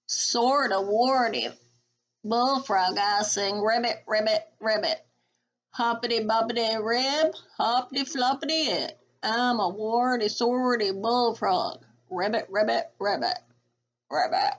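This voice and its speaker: Storybook bullfrog, warty and croaking, put on by a woman teacher. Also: a little high, slow, lo-fi sound. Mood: croaky.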